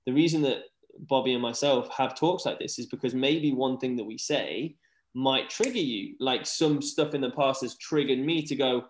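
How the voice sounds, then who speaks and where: A young man chats energetically on a podcast, with lots of "like" fillers. His voice sits at a middle pitch. The sound is roomy, with clear echo around him. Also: moderate pace. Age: young adult. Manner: energetic, rambling, says "like" often. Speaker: guest, former pro tennis player. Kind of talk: casual podcast chat.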